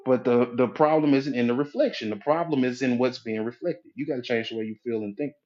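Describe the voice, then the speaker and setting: A man coaching on a live stream, greeting viewers by name, repeating his points and pitching his community in a casual way. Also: a little fast, darkish tone, dull audio.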